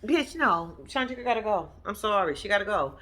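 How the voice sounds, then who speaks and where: Profane, animated woman vlogger. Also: medium pitch, fairly quick. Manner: profane, animated, talks straight to viewers as y'all; laughs between her own stories. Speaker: vlog host recapping a TV episode. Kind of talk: casual storytelling commentary.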